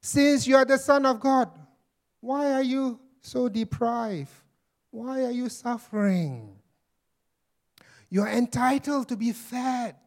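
A man's voice: slow pace, full character voice. A man preacher voicing a sinister male devil who taunts with persuasive questions. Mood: taunting. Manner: taunting rhetorical questions, raised pitch.

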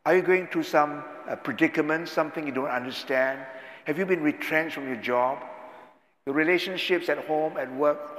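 A pastor delivering a sermon with dramatic swells and hushed drops, recorded in a large echoing hall. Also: male voice, on the high side. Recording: echoey hall, long reverb.

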